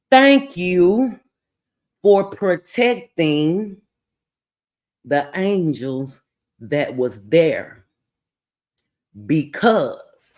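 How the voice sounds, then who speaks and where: A woman podcast host telling a testimonial story, animated, laughing and preachy. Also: deep voice.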